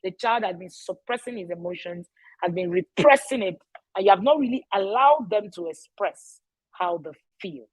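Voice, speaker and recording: A woman's voice: mid-range voice, expressive, moderate pace, low-quality recording. A middle-aged woman, speaking casually to parents. She is emphatic, repeats key phrases and often checks in with "all right?". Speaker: parenting educator.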